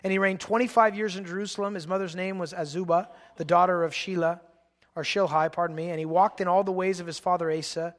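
Male pastor, sermon, excitable delivery, acts out characters, high pitch, reverberant hall. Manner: animated, excitable, acting out biblical characters.

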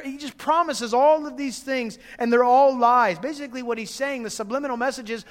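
High-voiced preacher in an echoing hall. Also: male voice, a little fast, hardly any pauses. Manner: conversational, storytelling, with laughs and repeated words. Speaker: pastor. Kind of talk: sermon.

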